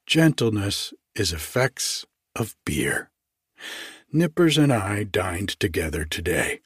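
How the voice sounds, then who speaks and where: A man reading the part of a choleric, belligerent elderly male scrivener in a storybook reading, in a husky, low voice. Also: sing-song, takes it slowly, no room sound, clean studio sound, full character voice. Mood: boastful. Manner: blustering, belligerent.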